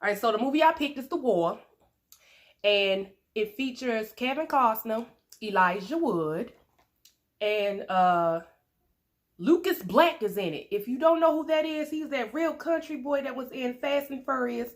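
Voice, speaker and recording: A woman's voice: on the high side, lively intonation, measured pace. Chatty playful woman vlogger. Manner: chatty, playful, laughs often. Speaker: mukbang vlogger. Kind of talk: casual chat while eating.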